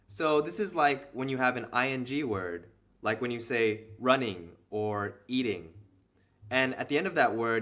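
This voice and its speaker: A man's voice: mid-range voice, animated, normal speed, pushed and bright. A man patiently explaining a beginner reading lesson step by step, as the teacher of a language video series.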